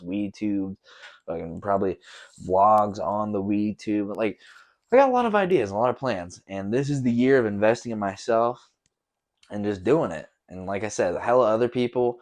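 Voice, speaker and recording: A young man hosting a casual solo podcast, rambling loosely with lots of slang and swearing. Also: lowish voice. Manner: loose, profane, slangy storytelling. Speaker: podcast host.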